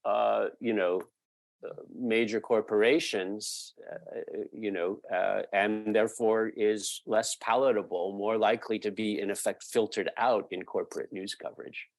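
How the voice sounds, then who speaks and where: A man being interviewed as a guest, explaining a point at length with frequent pauses and fillers. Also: fairly low pitch, fairly even intonation, creaky, dry recording. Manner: thoughtful, halting with many fillers. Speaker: podcast guest, media researcher.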